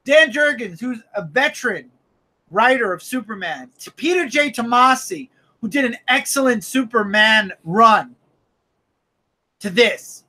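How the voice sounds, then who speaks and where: A man co-hosting a casual comic book review chat, animated and emphatic, often repeating himself and breaking into shouts. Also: very high-pitched, unhurried. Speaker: comic book podcast co-host.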